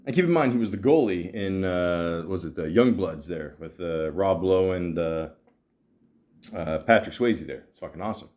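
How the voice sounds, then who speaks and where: A man's voice: low voice, expressive, normal speed, darkish tone. A middle-aged Canadian man hosting a podcast, rambling through hockey talk with lots of swearing, fillers and restarts. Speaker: podcast host.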